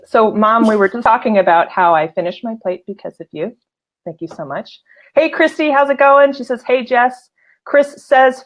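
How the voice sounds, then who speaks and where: A woman's voice: on the high side, animated, moderate pace. A woman hosts a live-streamed chat with a casual, bubbly manner, laughing easily and calling out to viewers by name. The sound is a little dull and lo-fi. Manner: chatty, laughs often, gushing shout-outs to viewers. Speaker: host of a live show.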